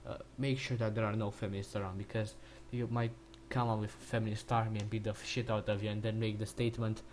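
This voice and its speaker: A man's voice: fairly low pitch, little pitch movement, quick pace, a little mellow, a little hiss or hum. A man ranting in a crude, mocking and rambling way while he comments on a video, often restarting his sentences. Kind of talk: profane reaction rant.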